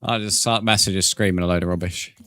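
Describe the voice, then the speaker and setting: This is live gaming commentary from a young man who chats loosely with viewers, reads their messages, and curses freely. His low voice holds a steady tone, moving a little fast with a pushed, bright quality, and there's no room sound.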